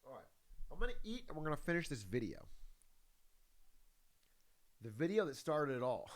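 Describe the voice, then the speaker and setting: Lively, laughing man telling stories. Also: on the high side, moderate pace. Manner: chatty, laughs often, swears casually. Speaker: YouTuber reacting to a video. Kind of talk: casual storytelling and reaction commentary.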